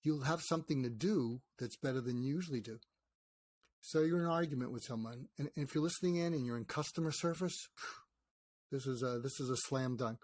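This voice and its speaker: An older man with a voice of middling pitch, talking as an interview guest. He tells stories with energy and slips into the voices of the people he describes. The sound is dry and close to the mic. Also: a little fast, no echo. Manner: animated storyteller, acts out quoted dialogue. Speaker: guest psychiatrist and author. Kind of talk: conversational interview.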